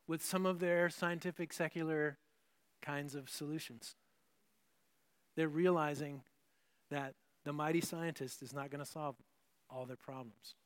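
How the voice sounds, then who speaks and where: A man with a somewhat high-pitched voice delivers a sermon in a loose, conversational way. He often restarts his phrases and breaks off into asides as he talks to the congregation. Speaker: pastor.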